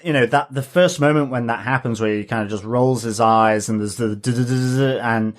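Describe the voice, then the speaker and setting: A man's voice: medium pitch, brisk. Enthusiastic man co-hosting a podcast. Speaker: podcast co-host. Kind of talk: casual podcast discussion.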